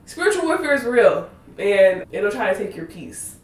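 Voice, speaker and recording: A woman's voice: mid-range voice, big pitch swings, normal speed, far from the mic. A woman in her twenties hosting a faith podcast, rambling and laughing through tangents, close to tears. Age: 20s. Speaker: podcast host. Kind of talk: casual faith podcast monologue. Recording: roomy echo, voice slightly off-mic.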